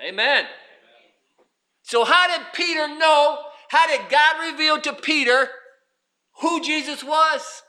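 Male pastor mid-sermon, high pitch, very bright sharp tone, loud-to-hushed dynamics. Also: slow, pauses often. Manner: preaching with swings from loud to hushed.

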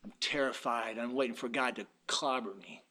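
Folksy preacher, male, fervent delivery, bright, pushing tone. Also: medium pitch, moderate pace. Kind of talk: sermon.

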